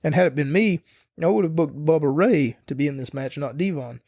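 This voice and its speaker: A young man talks through a wrestling-style review in a loose, rambling way, opinionated and quick to swear. His voice sits a little high for a man yet sounds soft and mellow, recorded dry and close with no room around it. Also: dry recording. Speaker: podcast host. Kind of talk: casual wrestling review monologue.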